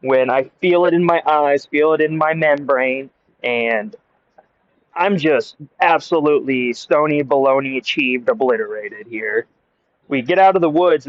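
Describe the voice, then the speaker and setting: A man's voice: fairly high pitch, no echo. A young American man casually telling a rambling story outdoors into earbud mics, laughing often. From United States. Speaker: storyteller vlogger. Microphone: earbuds mic. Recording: dry, muffled lo-fi earbud recording.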